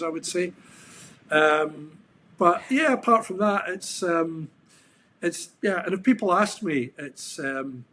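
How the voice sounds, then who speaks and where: A middle-aged man with a Scottish accent, chatting as a guest on a podcast. His voice sits a little higher than most men's, and he wanders through his stories with plenty of ums and restarts. The mood throughout is relaxed and reflective. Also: a little hiss or hum. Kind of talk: casual interview chat.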